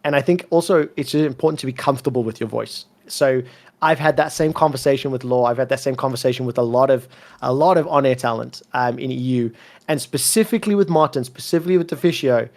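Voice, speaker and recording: A man from South Africa with a soft South African accent that leans British and American, telling his career story in an interview with blunt emphasis and plenty of swearing. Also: mid-range voice, quick pace. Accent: soft South African, mixed with British and American. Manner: emphatic, swears freely, repeats words when fired up. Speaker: esports commentator, interview guest.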